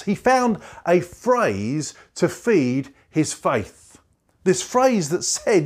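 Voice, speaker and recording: A male pastor delivers a sermon, his slightly high voice swinging widely in pitch. He stresses and repeats key phrases, slowing and dropping low whenever he quotes scripture. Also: sing-song.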